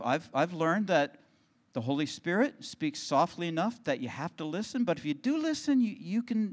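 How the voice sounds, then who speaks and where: A middle-aged man, a pastor, telling a personal story in a sermon, swinging from hushed, quiet passages to excited bursts. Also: fairly high pitch.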